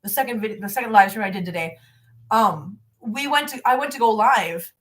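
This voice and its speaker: A woman's voice: mid-range voice, moderate pace. A woman around sixty, chatting on a live stream from her home in a rambling, heartfelt way, and cooing baby talk at her cats. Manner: rambling, heartfelt, repeats herself. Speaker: cat-channel host. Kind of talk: casual live-stream chat.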